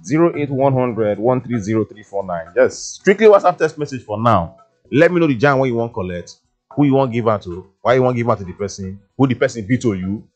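A man's voice: mid-range voice, expressive, fairly quick, a little mellow, faint music behind. A man with a Nigerian Pidgin English accent, hosting a casual radio show in a studio, chatty and playful, with many fillers. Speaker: radio DJ host. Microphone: studio mic.

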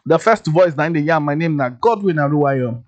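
A man's voice: fairly high pitch, animated, fairly quick. A man with a Nigerian accent hosting a radio show, chatting casually and joking, often checking "you understand?". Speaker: radio host. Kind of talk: casual radio chat in Pidgin English.

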